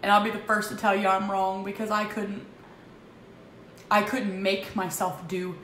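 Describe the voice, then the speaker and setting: Emotional woman confiding in an echoey room. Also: medium pitch. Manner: halting, emotional, frequent restarts. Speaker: vlogger. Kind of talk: candid personal confession. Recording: echoey room with faint background noise.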